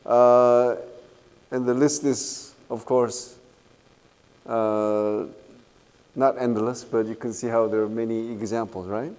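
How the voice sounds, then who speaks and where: A middle-aged man with a Korean accent giving a university lecture, unhurried and often checking in with "okay?" and "right?". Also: mid-range voice, steady tone, darkish tone, clean tone. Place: lecture hall. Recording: lecture hall with long reverb.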